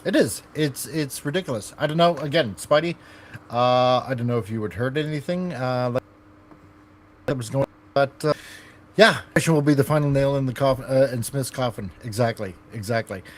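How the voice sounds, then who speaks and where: A man's voice: mid-range voice, normal speed. A man hosting a casual podcast, rambling with lots of fillers. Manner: rambling, filler-heavy, loose. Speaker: podcast host.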